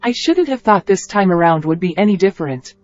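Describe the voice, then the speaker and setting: A wary young rebel woman, as a male narrator puts her on in a high, strained voice, clipped and knowing. She sounds paranoid and guarded, on a slightly muffled, lo-fi recording. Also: expressive, fairly quick, a little mellow, faint music behind.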